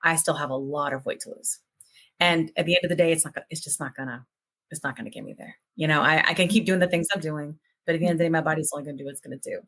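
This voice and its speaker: A woman's voice: low voice, racing, a bit bright. A woman hosting a podcast, talking casually in long, earnest, hopeful run-on thoughts. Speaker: podcast host.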